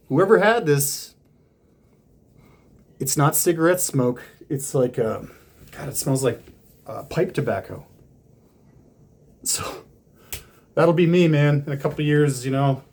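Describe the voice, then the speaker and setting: A man's voice: a little high, a little slow, long pauses, a little mellow. A man casually talking through an unboxing of hats, rambling with lots of fillers and restarts.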